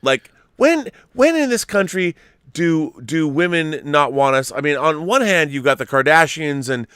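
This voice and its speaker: A man in his fifties hosting a casual podcast chat, telling stories in an animated, profane way. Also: fairly high pitch, unhurried, clear, resonant tone, dry recording, clean studio sound. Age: 50s. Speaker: show host.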